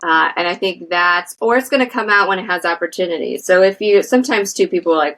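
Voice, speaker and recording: A woman therapist speaks in a slightly low voice, unhurried and reflective. She talks in a casual conversational way, often pausing on fillers as she works through her thoughts. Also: a bit bright, poor audio. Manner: thoughtful, uses many fillers. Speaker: therapist guest.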